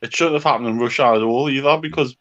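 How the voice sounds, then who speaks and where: A man's voice: medium pitch, fast talker, a bit bright. Man hosting a live stream, rambling and opinionated; muffled lo-fi sound. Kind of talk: casual live stream chat.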